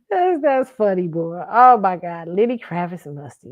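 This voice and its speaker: A woman hosting a casual pop culture commentary show, animated and laughing often, swearing freely and acting out her own reactions. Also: medium pitch, measured pace, lo-fi sound. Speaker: host.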